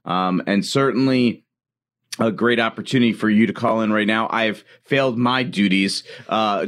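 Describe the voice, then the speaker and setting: A man hosting a radio fundraiser, making brisk and upbeat appeals for pledges and interviewing guests. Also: on the low side, a bit bright. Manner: brisk, upbeat appeals, repeats the phone number. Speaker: radio host running a fundraiser.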